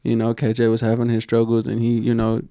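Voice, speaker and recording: Gravelly young man telling a heartfelt story. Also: medium pitch, completely flat delivery, quick pace, mellow, no room sound, studio quality. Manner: heartfelt storytelling, heavy with slang and fillers. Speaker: podcast co-host. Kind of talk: casual podcast chat.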